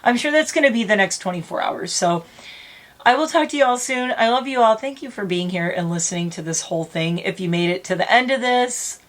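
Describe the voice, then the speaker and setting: A woman's voice: on the high side, animated, fairly quick. A middle-aged woman vlogging casually, rambling and close to tears, laughing through emotion. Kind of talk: emotional casual vlog talk.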